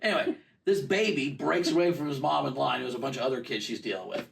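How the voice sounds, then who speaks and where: A man in his forties, a comedian guest, telling stories in casual chat, animated and laughing often, acting out other people's voices. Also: medium pitch, fast, vocal fry, recorded from a distance, a little hiss or hum. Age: 40s.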